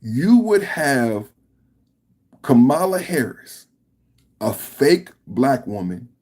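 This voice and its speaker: Podcast host, male, husky, fired-up and emphatic, slangy, swings his pitch hard. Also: takes it slowly. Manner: animated, emphatic, slangy, repetitive. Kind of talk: political reaction rant.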